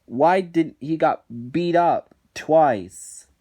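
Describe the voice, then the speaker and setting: A man's voice: on the high side, very slow, dark tone. A man reviewing cartoon episodes in a ranting commentary, indignant and exasperated, often restarting his sentences.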